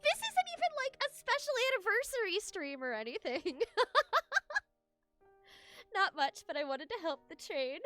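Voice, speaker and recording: A woman's voice: extremely high pitch, sing-song, normal speed, pauses often, a bit bright, no room sound, faint music behind. A young woman streaming a game, chatting casually with her viewers and giggling often as she gushes her thanks.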